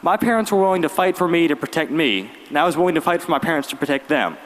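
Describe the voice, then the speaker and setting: A young man, giving a graduation speech as valedictorian with lively storytelling and wry humor. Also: fairly high pitch, fast talker. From Virginia, US. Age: late teens. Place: large arena. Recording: long arena reverb.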